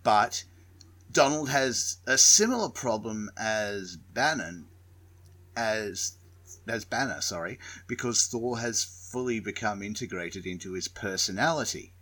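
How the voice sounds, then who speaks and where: A man co-hosting a podcast in casual chat, swearing freely with animated asides. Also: fairly low pitch, unhurried. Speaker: podcast co-host.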